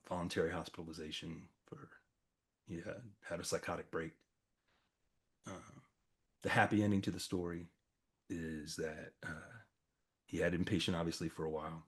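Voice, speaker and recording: Middle-aged man with a low, husky voice, telling a story in relaxed conversation. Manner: conversational, acts out quoted dialogue, frequent fillers. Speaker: storyteller recounting a campus crisis. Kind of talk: casual spoken storytelling to a small audience.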